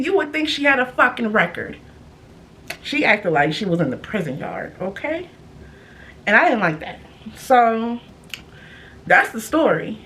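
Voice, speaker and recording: A young woman with a high voice tells a story on her vlog. She is loud, brash and profane, and she acts out every turn of it with lots of energy. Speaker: storytime vlogger. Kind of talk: casual storytime monologue.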